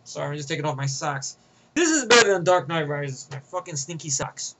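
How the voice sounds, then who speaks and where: A man's voice: a little high, animated, a little fast, crowd noise, low-quality recording. A young man giving a rambling, profane, sarcastic movie review in a casual rant.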